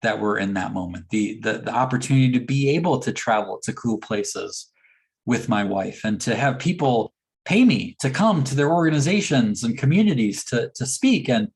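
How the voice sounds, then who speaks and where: At a normal pace, a man with a husky, medium-pitched voice tells a story during his motivational keynote, animatedly voicing the dialogue between characters.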